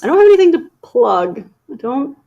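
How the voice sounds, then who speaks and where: A woman's voice: sits high, big pitch swings, a little fast, dark tone, dull audio. A woman guest in a casual livestream chat, talking chattily with many fillers and giggles.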